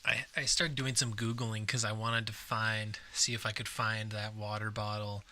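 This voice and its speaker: A man co-hosting a casual podcast, talking in quick, hesitant bursts full of restarts. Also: lowish voice, level tone, sharp tone. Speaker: podcast co-host. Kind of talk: casual chat.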